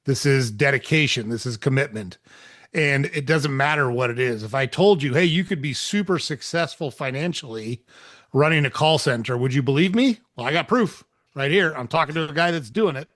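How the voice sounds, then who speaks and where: A man's voice: a little high, animated, a little fast, a bit bright. A man hosting a podcast interview. He talks enthusiastically and turns to address the audience directly. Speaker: podcast host. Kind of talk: casual interview chat.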